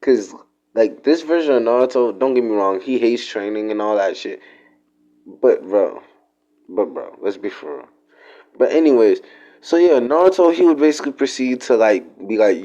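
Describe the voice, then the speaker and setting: A man's voice: lowish voice, lively intonation, moderate pace, dark tone, muffled recording. A man telling a made-up story in a rambling, slangy, profane way. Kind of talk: casual fan-fiction storytelling.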